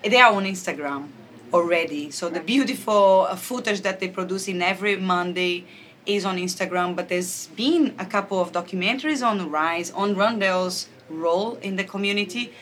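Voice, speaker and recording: A woman's voice: medium pitch, normal speed, a bit bright, slight background noise. A woman filmmaker answering interview questions in a thoughtful, somewhat hesitant way.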